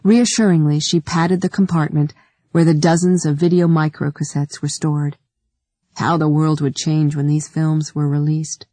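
Woman audiobook narrator, dark mellow tone, dry close sound, measured delivery. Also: deep voice, no echo. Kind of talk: scripted narration.

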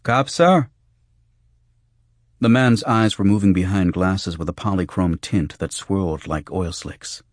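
A man reading a novel aloud in measured, hushed scripted narration. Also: sits low, steady tone, no room sound, studio quality. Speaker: audiobook narrator.

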